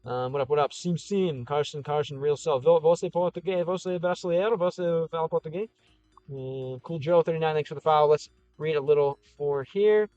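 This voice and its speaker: A man's voice: fairly high pitch, fairly quick, a little mellow, clear, resonant tone, dry recording, dull audio, faint music behind. A man with a Chicago Midwest accent hosting a casual livestream, reading comments in a rambling, upbeat and encouraging way with lots of fillers. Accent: Chicago, American Midwest. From American Midwest.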